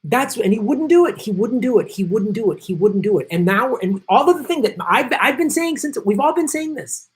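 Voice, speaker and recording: A man's voice: very high voice, lively intonation, brisk, hardly any pauses, a little hiss or hum. Brief: middle-aged male host, heated profane rant, hammering his points over and over. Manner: angry, profane, emphatic and repetitive. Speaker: host of a political commentary show. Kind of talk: ranting political commentary.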